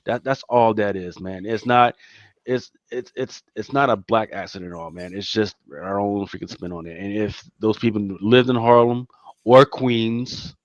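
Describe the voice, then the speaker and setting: The recording has no room sound and feels dull and dry. A lowish, steady-toned man from Philadelphia, USA, co-hosts a podcast at a moderate pace, chatting casually yet emphatically with repeated words and frequent "man" and "right?".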